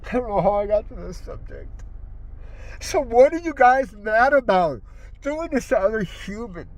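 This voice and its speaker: A man's voice: sing-song, normal speed, dry recording. Grieving man in a rambling monologue. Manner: rambling, raw and heartfelt, voice dropping low and quiet when grieving. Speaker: vlogger. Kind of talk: emotional monologue to camera.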